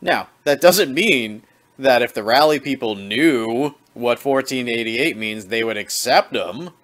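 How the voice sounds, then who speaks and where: A man's voice: mid-range voice, expressive, measured pace, fairly bright tone. A man giving casual vlog commentary, chatty and sarcastic, correcting himself as he goes. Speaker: video blogger.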